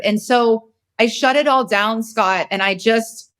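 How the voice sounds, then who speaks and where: A woman in her forties hosts a podcast, sharing a personal story in a candid, emotional, rambling way while sounding very tired. Her voice is fairly high and fairly bright, delivered at a moderate pace.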